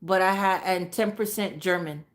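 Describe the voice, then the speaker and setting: Rambling woman vlogger, casual chat. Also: normal speed. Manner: rambling, repeats herself, trails into low mutters. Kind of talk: casual monologue.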